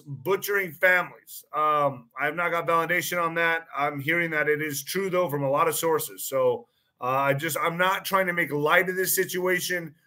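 A man with a fairly high, sharp voice hosts his own online show in a casual monologue. He repeats phrases, restarts often, leans on fillers, and frames his claims as pointed questions.

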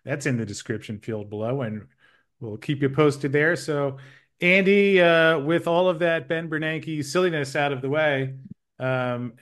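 A man hosting a weekly show, chatting on a call in a playful, giggly way with quick asides. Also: fairly high pitch, a bit bright. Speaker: show host. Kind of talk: casual chat. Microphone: remote call.

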